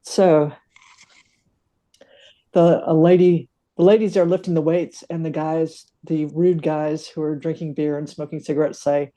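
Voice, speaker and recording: A woman's voice: deep voice, little pitch movement, a little slow, dark tone. A woman taking part in a workshop over a video call, describing her comic in a chatty, amused way. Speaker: workshop participant.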